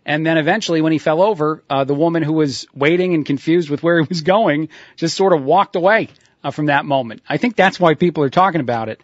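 A man with a fairly high, fast voice does solo talk radio commentary, sardonically mocking the news, chuckling at his own remarks and filling gaps with lots of "uh." The recording has no echo and the highs are cut off.

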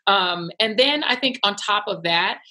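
A woman journalist chatting in a casual interview, animated and emphatic, laughing often. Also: medium pitch, unhurried. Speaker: TV news journalist and guest.

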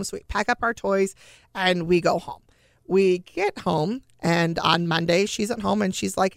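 A woman's voice: mid-range voice, normal speed, creaky, dry recording, studio quality. A middle-aged woman telling a personal story as an interview guest, retelling events with lots of quoted dialogue.

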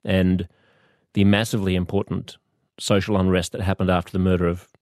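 A man with an Australian accent hosting a podcast, speaking in a thoughtful, measured monologue with pauses and restarts. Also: sits low, flat delivery, darkish tone, no room sound, studio quality. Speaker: podcast host. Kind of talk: reflective monologue.

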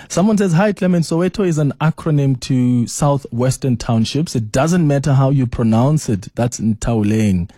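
A man's voice: mellow, husky, dry recording, studio quality. A man hosting a call-in radio show, reading listener messages and questioning with earnest concern. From South Africa. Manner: earnest, questioning, rises in pitch when making a point. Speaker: radio talk show host.

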